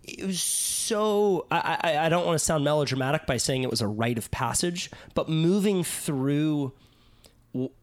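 Reflective man telling a story, somewhat high voice. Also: moderate pace, no room sound. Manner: reflective storyteller, trails off softly. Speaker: podcast host. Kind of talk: casual podcast conversation.

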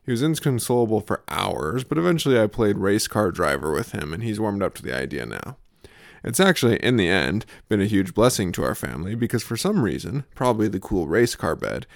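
Gravelly young man reading deadpan comedy. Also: on the low side, dry recording, clean studio sound. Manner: absurd deadpan humor in a storytelling voice. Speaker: podcast host. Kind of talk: scripted comic newsletter reading.

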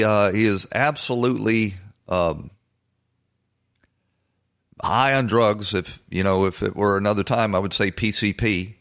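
A man hosting a political commentary show, talking bluntly and assertively in a halting way with frequent fillers and restarts. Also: fairly low pitch, fairly bright tone. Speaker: host.

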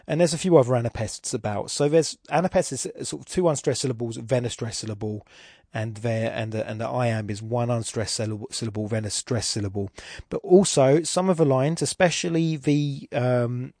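A man's voice: medium pitch, brisk, dark tone, no echo, clean studio sound. A man with an Irish accent hosting a podcast, talking through a poem's form casually and thinking aloud with frequent restarts. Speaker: podcast host. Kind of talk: casual spoken poetry analysis.

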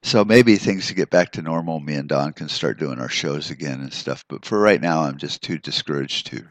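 Deep-voiced guy ranting solo on his podcast, swears a lot, keeps restarting, dry close sound. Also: normal speed, no room sound. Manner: profane, rambling, with many restarts. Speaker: podcast host.

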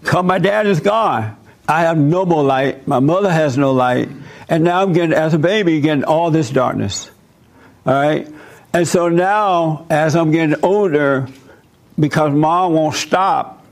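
An older man preaching to a room, with a voice pitched a touch higher than most men's. He tells his story in an animated way and jumps into the voices of the people in it. His delivery is lively and conversational. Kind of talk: sermon with role-play demonstration.

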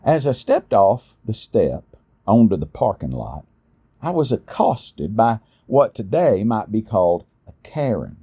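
A middle-aged man telling a personal story in a folksy, unhurried way. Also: fairly low pitch, big pitch swings, dark tone, breathy edge. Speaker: storyteller, podcast host. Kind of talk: storytelling narration.

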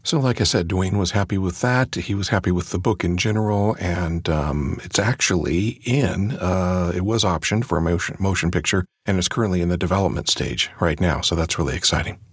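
A man's voice: sits low, brisk, hardly any pauses, husky, no echo, studio quality. A man who narrates audiobooks, talking casually and chattily on his own podcast. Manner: relaxed and chatty, with fillers.

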